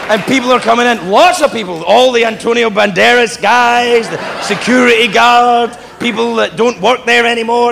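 Brash gravelly British comedian. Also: male voice, very high voice, moderate pace, few pauses, background noise. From Britain. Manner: brash, profane, self-mocking. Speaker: stand-up comedian. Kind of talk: stand-up routine. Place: comedy club stage. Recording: loud laughing club crowd.

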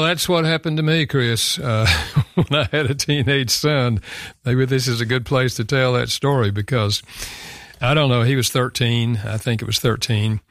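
Earnest older man with a gravelly voice. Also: mid-range voice, fairly bright tone, dry recording, clean studio sound. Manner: earnest, reflective, frequent "you know". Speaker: guest author. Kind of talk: conversational storytelling.

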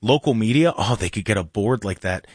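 A man hosting a call-in radio talk show, ranting sarcastically and mocking opponents in slow sing-song asides. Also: lowish voice, animated, husky, no room sound, studio quality. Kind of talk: opinionated call-in radio monologue.

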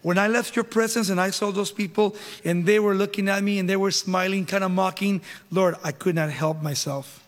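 A man's voice: sits high, fairly even intonation, normal speed, hardly any pauses, big-room sound, lightly acted. A male preacher voicing Moses as a hot-tempered leader who pleads and makes excuses. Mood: pleading. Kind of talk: sermon retelling.

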